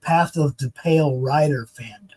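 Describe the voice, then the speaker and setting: A man's voice: a little high, normal speed, darkish tone, husky, low-quality recording. A man in a laid-back chat, telling stories about voiceover work and the group's beginnings. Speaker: voiceover artist and co-organizer. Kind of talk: casual chat.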